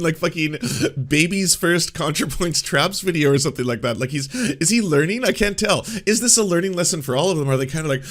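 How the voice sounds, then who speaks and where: A man's voice: on the high side, expressive, a little fast, hardly any pauses, fairly bright tone. A man hosting political reaction commentary, talking casually and sarcastically, swearing and doing mocking impressions.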